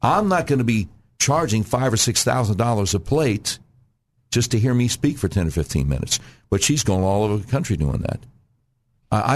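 Emphatic low-voiced man making his pitch. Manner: clears throat often. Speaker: gubernatorial candidate guest. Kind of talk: radio talk show interview.

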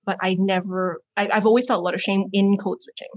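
A woman from Malaysia speaks as a guest with a mixed, American-leaning accent. Her delivery is earnest and reflective at an ordinary pitch, and the recording is dry and close. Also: little pitch movement, fast talker, darkish tone, no room sound. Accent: mixed, mostly American-leaning. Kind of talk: casual talk.

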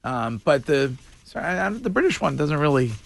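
A male morning radio host keeps the banter going with a lively, swinging voice and frequent laughter. He speaks from a dry studio mic with no room sound. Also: on the high side, creaky, no room sound. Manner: laughs often, quick lively back-and-forth.

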